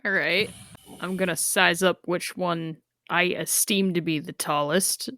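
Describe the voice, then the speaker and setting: A woman's voice: fairly low pitch, fairly even intonation, a little slow, bright, forceful tone, no room sound. A woman playing a tabletop game, matter-of-fact with dry humor. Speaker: player. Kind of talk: casual tabletop play.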